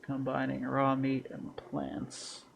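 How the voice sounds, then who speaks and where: A man's voice: mid-range voice, monotone, slow pace, creaky, a little hiss or hum. A man streaming a strategy game, muttering through his plans and chatting bluntly to viewers with crude humor. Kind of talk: casual gameplay commentary.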